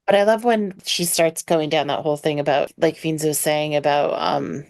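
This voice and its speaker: A woman's voice: low-pitched, steady tone, normal speed, a little mellow. A woman co-hosting a podcast in casual chat, talking with gushing fan enthusiasm. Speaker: podcast co-host.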